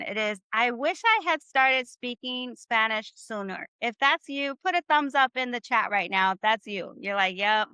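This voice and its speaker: A woman teaching Spanish live online drills phrases with her class, upbeat and encouraging, her voice high-pitched and bright. The sound is dry and close, with no room echo.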